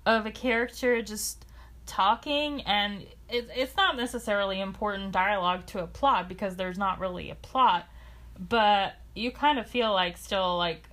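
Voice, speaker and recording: A woman co-hosting a podcast chats casually, rambling and hesitating with fillers and restarts as she works through her thoughts. Her mid-range voice is fairly bright and moves at a moderate pace.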